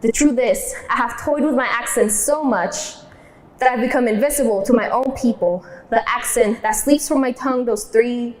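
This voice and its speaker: A woman's voice: on the high side, normal speed. A young woman performing spoken word poetry in a defiant, rhythmic delivery, mixing in Spanish lines. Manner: defiant, rhythmic, switches between English and Spanish.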